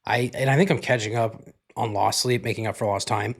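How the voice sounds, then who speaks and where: A young man chats loosely into a camera mic, his voice sitting on the low side. He rambles and swears freely and leans on filler words, in an easygoing solo podcast at home. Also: steady tone, a little fast, slightly rough. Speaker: podcast host. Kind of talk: casual solo vlog-style chat. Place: room in a countryside home.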